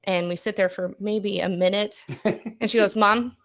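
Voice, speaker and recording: A middle-aged woman co-hosting a podcast, telling a story in an animated, breathless way with quick asides. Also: mid-range voice. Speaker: podcast co-host. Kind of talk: casual storytelling chat.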